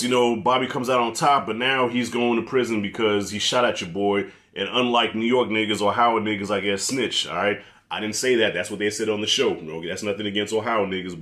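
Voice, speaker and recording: A man giving a blunt, profane, animated review of a TV series in a casual rant. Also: mid-range voice. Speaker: TV show reviewer.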